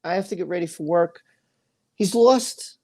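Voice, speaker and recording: A man's voice: high voice, normal speed, creaky, mellow. A man hosting a livestream and ranting angrily, emphatic and repetitive, often stumbling over his words. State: angry. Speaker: livestream host. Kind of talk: angry livestream rant.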